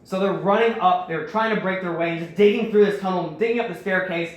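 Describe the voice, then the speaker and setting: A man hosting a casual storytelling recap, rambling and animated, acting out the quotes. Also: high voice, fast talker. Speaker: host. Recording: very echoey room.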